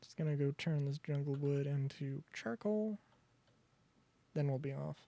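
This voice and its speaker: A man's voice: on the high side, a little slow, vocal fry, warm tone, no echo. A young man streaming a survival game, rambling through chatty asides and cutting himself off mid-thought. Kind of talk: casual gaming commentary.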